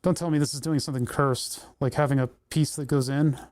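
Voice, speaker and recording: A man's voice: medium pitch, fairly even intonation, brisk, a little mellow. A man chatting casually on a livestream while he solders, thinking aloud and talking to the parts in his hands. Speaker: electronics livestreamer.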